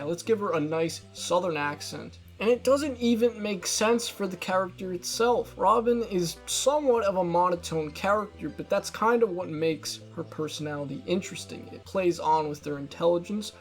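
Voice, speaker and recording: High-pitched young male video essayist, sarcastic scripted rant, soft music behind. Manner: exasperated, sarcastic. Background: faint background music.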